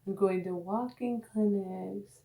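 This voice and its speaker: A tipsy woman vlogging at home, rambling and swearing, slipping between loud outbursts and low murmurs. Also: steady tone, slow, vocal fry, echoey room. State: tipsy from drinking. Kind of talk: rambling casual monologue. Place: at home, indoors.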